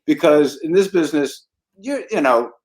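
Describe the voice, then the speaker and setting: An older comedy writer from New Jersey tells stories in casual chat, his voice fairly high-pitched and his pace moderate. He's an animated storyteller who acts out the voices of the people he quotes and chuckles often.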